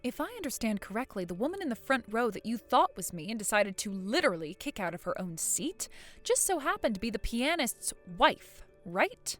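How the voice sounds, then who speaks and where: A woman voicing a calm, put-upon daughter-in-law in a voiced story drama, patient but exasperated. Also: a little high, a little fast, faint music behind. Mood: reasoning.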